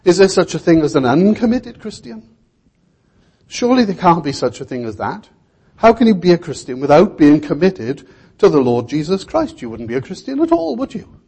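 A male preacher gives an expository sermon in a mellow, husky voice that sits on the high side and swings widely in pitch. His delivery is measured, and he keeps putting rhetorical questions to his listeners.

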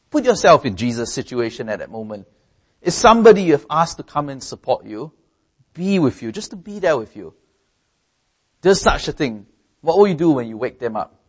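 Male preacher giving a sermon, earnest, presses on key words, often restarts phrases. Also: slightly rough. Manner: earnest, rises in pitch and volume for emphasis.

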